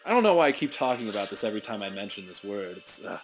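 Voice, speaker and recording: Brief: young male let's-play host, goofy and rambling, lively swooping pitch, game music under the voice. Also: racing, hardly any pauses. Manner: goofy, rambling, self-mocking. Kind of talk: gameplay commentary. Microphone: desk mic at a computer.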